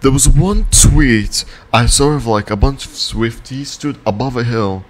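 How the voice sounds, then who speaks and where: A man's voice: mid-range voice, measured pace. A man giving a scornful, profane ranting commentary as a vlogger.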